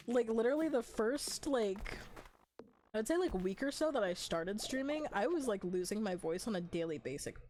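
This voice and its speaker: A young woman streaming a farming game, chatting casually with her chat as she plays, her voice slightly hoarse from long talking. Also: fairly high pitch, animated, moderate pace, long pauses, darkish tone. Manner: chatty, rambling, with frequent likes and small laughs. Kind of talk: casual live-stream chat while playing. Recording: faint background noise.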